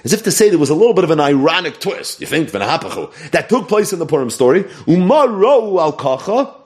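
Talmud teacher, male, somewhat high voice, very lively intonation. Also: fast talker. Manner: animated, mixes Hebrew and Yiddish terms into English. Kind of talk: Talmud lecture.

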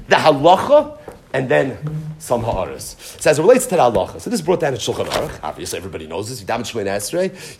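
Animated man giving a Talmud class. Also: medium pitch. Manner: animated explaining, mixing Hebrew and Yiddish terms. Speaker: Talmud teacher. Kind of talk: Torah class lecture.

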